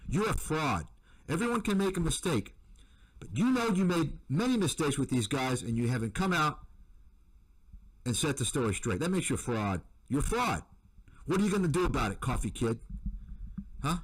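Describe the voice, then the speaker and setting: Male commentator, fairly high voice, combative and repetitive, calling people out. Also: big pitch swings, normal speed, husky, poor audio. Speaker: investment analyst and commentator. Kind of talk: heated rant to viewers.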